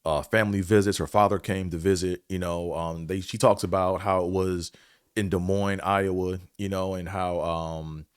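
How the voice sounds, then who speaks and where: A man's voice: sits low, steady tone, moderate pace, clear, resonant tone, no echo, studio quality. A man hosting a podcast, telling a story and reflecting in a rambling, casual way, with many fillers and casual swearing. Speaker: podcast host.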